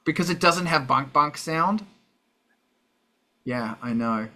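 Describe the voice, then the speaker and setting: An Australian man hosting a live stream, chatting casually and wandering from topic to topic. His voice is bright and forward, and he swears freely. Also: on the high side, expressive, slow pace. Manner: rambling, profane, sidetracked. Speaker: livestream host.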